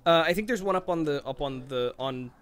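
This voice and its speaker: A man's voice: fairly high pitch, fairly quick, fairly bright tone, soft background music. A man casually narrating a tabletop-style role-play, joking and rambling with frequent self-interruptions. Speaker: co-player.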